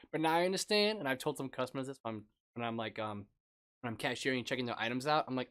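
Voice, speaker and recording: A young man co-hosting a casual podcast, retelling stories in an animated way and laughing often. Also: mid-range voice, rapid-fire. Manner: animated storyteller, laughs a lot. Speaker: podcast co-host. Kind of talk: casual chat.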